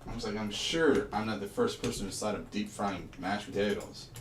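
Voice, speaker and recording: A man's voice: on the low side, normal speed, slight background noise. Chatty man, echoey room. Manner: chatty, rambling storyteller. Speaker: puzzle livestream co-host. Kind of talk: casual chat. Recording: echoey room, mic far off.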